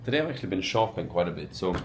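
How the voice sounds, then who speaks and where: Relaxed young man vlogging, low voice. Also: very fast, a little hiss or hum. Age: 20s. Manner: relaxed, rambling, many fillers and restarts. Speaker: entrepreneur vlogger. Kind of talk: casual vlog narration.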